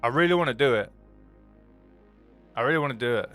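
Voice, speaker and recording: A young man, live streaming and chatting casually with viewers, greeting them by name and telling excitable stories. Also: medium pitch, brisk, soft background music.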